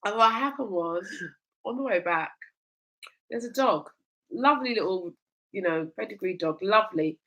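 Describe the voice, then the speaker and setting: A woman's voice: medium pitch, normal speed, long pauses, lo-fi sound. A woman hosts a casual chat show. She tells stories with lots of life and breaks into laughter often. Her tone is easy and conversational. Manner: lively storyteller, laughs often. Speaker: host.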